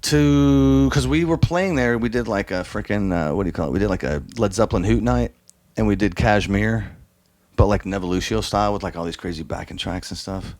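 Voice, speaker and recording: A man's voice: on the low side, brisk, a little mellow, dry recording. A man, a drummer telling loose, profane, rambling stories in a casual interview and acting out other people's lines. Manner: loose, profane, rambling storyteller who acts out quoted voices.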